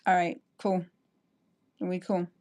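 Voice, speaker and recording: A woman's voice: on the low side, little pitch movement, a little slow, darkish tone. A woman chatting on a livestream, rambling and apologetic, stopping and restarting her sentences. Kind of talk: casual livestream chat.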